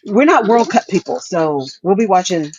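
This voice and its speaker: A woman's voice: mid-range voice, lively intonation, normal speed, darkish tone, slight background noise, rough recording. A woman co-hosting a talk show, chatting casually and laughing often as she talks. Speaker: podcast co-host. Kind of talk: casual chat.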